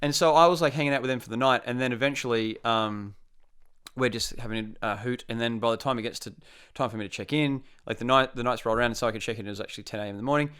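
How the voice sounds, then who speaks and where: A young man with an Australian accent tells a story in a relaxed, chatty way. His voice is smooth and resonant, and he slips into the other people's voices as he acts out what they said. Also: mid-range voice, racing. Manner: animated, acts out quotes. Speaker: storyteller guest. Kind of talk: casual anecdote.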